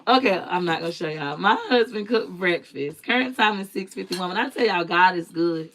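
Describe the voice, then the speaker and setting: A woman's voice: lowish voice, animated, normal speed, a bit bright. A woman hosting her own live stream, telling a personal story in an emphatic, repetitive way with blunt swearing.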